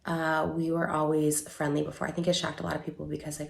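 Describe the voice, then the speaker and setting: A woman giving an emotional personal statement to camera, halting with many fillers and restarts. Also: low-pitched, little pitch movement, vocal fry, reverberant. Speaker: online creator giving a statement.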